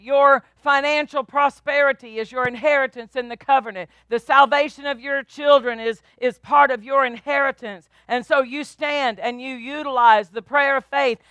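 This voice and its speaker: A woman's voice: high-pitched, sharp tone, dry recording. A woman pastor preaching a sermon, emphatic and repetitive, drawing responses from the congregation.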